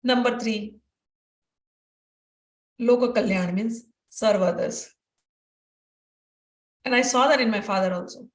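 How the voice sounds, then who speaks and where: A woman's voice: fairly high pitch, takes it slowly, long pauses. Earnest woman, roomy distant sound. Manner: earnest, repeats phrases for emphasis. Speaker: spiritual teacher. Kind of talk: devotional teaching talk with personal stories.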